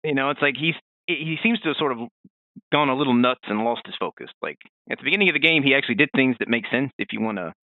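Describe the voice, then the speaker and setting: A man co-hosting a casual podcast, chatting in an animated way with many fillers and restarts. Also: mid-range voice, fast, dry recording, phone-quality sound. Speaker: podcast co-host.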